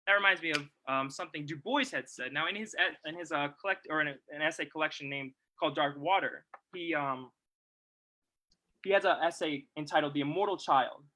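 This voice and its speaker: A young man giving a reflective presentation, talking in a halting, thoughtful way with many pauses and restarts. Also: on the high side, pushed and bright, poor audio. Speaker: presenter at a livestreamed celebration.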